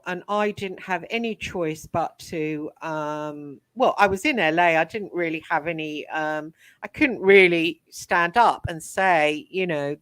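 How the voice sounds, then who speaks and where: A woman, an interview guest, telling her life story frankly, with many pauses and restarts. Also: lowish voice, no echo. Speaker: interview guest, psychic medium and author.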